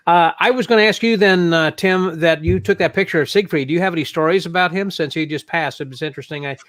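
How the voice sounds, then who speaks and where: Host asking questions hesitantly. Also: male voice, a little high, fast, a bit bright, no echo. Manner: hesitant, filler-heavy asking. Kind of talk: interview questions.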